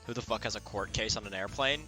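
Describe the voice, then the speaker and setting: A man commenting on a game stream in a loose, jokey way, swearing freely as he goes. His voice sits low. Music plays clearly underneath. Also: fast talker.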